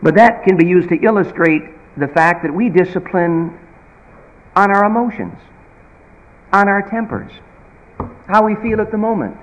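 A folksy preacher delivers a sermon with a fairly high voice. He swings from loud emphatic bursts to quiet, low asides. His voice echoes through a long reverberant hall. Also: lively intonation, normal speed, long pauses.

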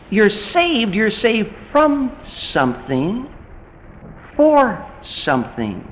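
Lively high-voiced male preacher. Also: drawn-out words, rough recording. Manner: animated, rising to emphatic peaks, mimics voices for illustration. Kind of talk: sermon.

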